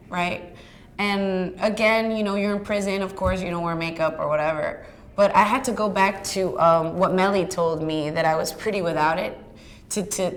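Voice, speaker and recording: An actress chatting about her work in an interview, telling stories in a lively way with plenty of fillers and laughs. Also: lowish voice, slight background noise. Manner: chatty, animated storyteller with many fillers and laughs. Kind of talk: casual storytelling interview.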